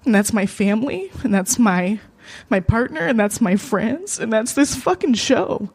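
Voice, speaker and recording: A woman co-host telling a personal story at a live open mic in a small cafe, halting and emotional, full of fillers and restarts. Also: fairly high pitch, expressive, a little mellow, breathy edge.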